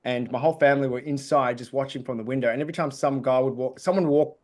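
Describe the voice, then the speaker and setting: A man's voice: medium pitch, quick pace. Chatty man telling stories. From Australia. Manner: chatty storytelling with jokey asides. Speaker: comedian guest. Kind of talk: casual podcast interview.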